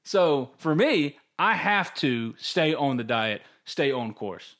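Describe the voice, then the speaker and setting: Speaking slowly in a voice on the high side, a co-host of a casual sports podcast talks with candor. His stories are animated, with his inner voice acted out in quotes.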